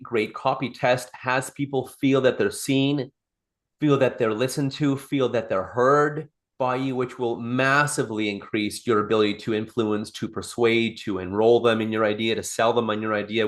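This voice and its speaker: A man coaching a small group on sales over a call, talking off the cuff, repeating and restarting phrases and acting out sample dialogue. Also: mid-range voice. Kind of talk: live online coaching session.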